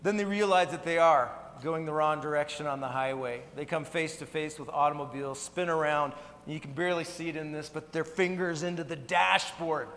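A pastor gives a sermon in an earnest, conversational manner, his voice a little higher than most men's. He speaks in a church sanctuary, and his words trail off into a long reverb. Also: brisk, fairly bright tone.

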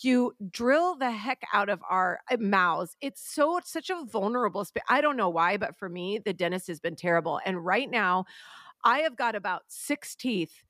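A woman's voice: mid-range voice, lively intonation, normal speed, fairly bright tone, dry recording. Chatty woman podcast co-host, dry sound. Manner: chatty, self-deprecating storytelling. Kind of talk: casual chat.

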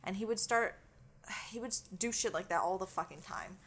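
A woman from Canada chats casually as a podcast co-host, telling stories with lively energy and frequent swearing. Her voice sits at a middle pitch. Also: normal speed. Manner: animated storytelling, swears freely. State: itchy. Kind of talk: casual chat.

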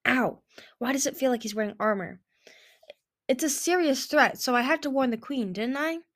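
A woman reading a storybook aloud, voicing an earnest, anxious young female seer dragon in a high, apologetic way. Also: animated, brisk.

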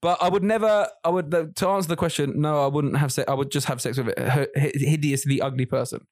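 A man's voice: a little high, fairly even intonation, fast, darkish tone. A man co-hosting a podcast, rambling and joking in a stop-start way. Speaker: podcast co-host. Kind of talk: casual chat.

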